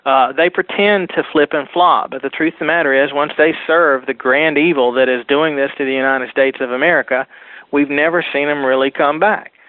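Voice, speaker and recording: A man guest on a political talk radio show, calling in and talking fast and insistently in long run-on sentences. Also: a little high, steady tone, no echo. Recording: phone line.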